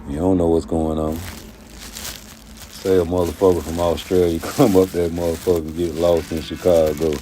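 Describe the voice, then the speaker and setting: A YouTube commentary host with a low voice speaks briskly over a slight hiss or hum. His casual rant is streetwise and full of profanity, delivered as lively storytelling.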